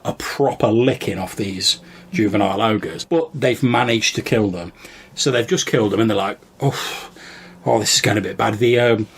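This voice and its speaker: Male podcast co-host, low gravelly husky voice, rambling casual recap of a game night. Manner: rambling, many fillers and restarts. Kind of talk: casual storytelling chat.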